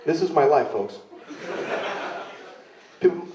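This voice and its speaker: Pausing often, a man with a medium-pitched, dark-toned voice talks at a moderate pace as an interview guest. He's a wrestler at a London club venue, telling rambling, self-mocking tales and copying other people's voices, with a roomy, distant, dull recording.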